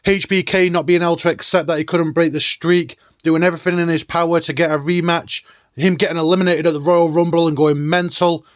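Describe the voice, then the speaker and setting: A man hosting a nostalgic countdown video, talking in an enthusiastic, chatty way. His voice is clear and smooth, and it sits a little high. It is recorded dry and close. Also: steady tone, a little fast, dry recording. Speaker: host.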